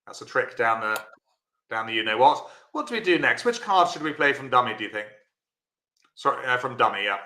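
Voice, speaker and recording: A man's voice: mid-range voice, expressive, brisk, pushed and bright, reverberant. A man teaching a live-streamed bridge lesson, chatty and encouraging, answering viewers by name.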